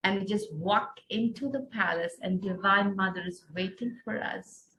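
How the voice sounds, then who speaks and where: Earnest, soft-spoken woman from India. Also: medium pitch, moderate pace, low-quality recording. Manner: earnest, soft-spoken, many "you know"s and restarts. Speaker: guest. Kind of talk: guided visualization storytelling.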